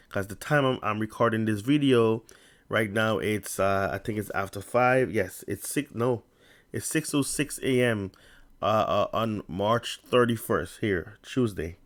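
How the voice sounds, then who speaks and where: A man vlogging casually to camera with a stutter and a lisp. He reads an article aloud in a halting way, with many restarts and tongue-tied slips. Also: fairly low pitch.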